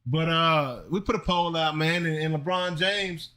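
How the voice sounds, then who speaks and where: A man in his forties co-hosting a casual sports talk show, animated and repeating himself as he talks. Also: on the high side, measured pace. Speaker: podcast co-host.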